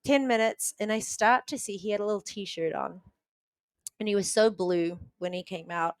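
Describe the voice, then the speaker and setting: A woman's voice: mid-range voice, moderate pace, smooth, no echo. A woman guest on a podcast vividly retelling a story, with lots of "like" fillers. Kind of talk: conversational storytelling.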